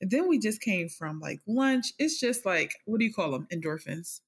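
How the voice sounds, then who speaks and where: A woman chatting as a podcast co-host, easygoing and slangy, with a voice of middling pitch. She laughs often and talks loosely with a friend, recorded at home in a kitchen. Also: sing-song, moderate pace, husky. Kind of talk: casual chat.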